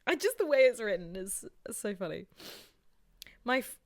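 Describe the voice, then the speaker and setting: A woman co-hosting a podcast, chatting and reacting in an animated way. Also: fairly high pitch, normal speed. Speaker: podcast co-host. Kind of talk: casual chat.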